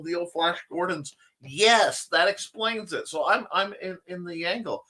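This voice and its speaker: A man's voice: sits high, normal speed, hardly any pauses, bright, forceful tone. A man hosting a casual livestream talk show, chatting in a rambling, enthusiastic way as he answers viewer comments. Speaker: host of a creative talk show.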